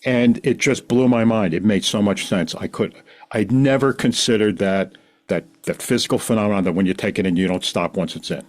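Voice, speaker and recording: A man's voice: on the low side, fairly quick. Rambling middle-aged man telling a story. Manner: rambling, animated, acts out quoted voices. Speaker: podcast guest. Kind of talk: casual storytelling.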